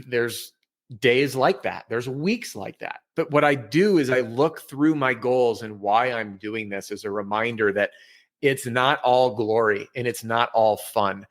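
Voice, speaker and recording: Energetic, candid man telling stories. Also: mid-range voice. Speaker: guest, sales trainer and author. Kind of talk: casual podcast interview. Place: home office with bookshelf.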